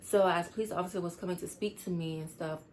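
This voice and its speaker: A teenage girl telling a storytime vlog, rushed and rambling as she tries to calm down. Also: on the low side. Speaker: vlogger.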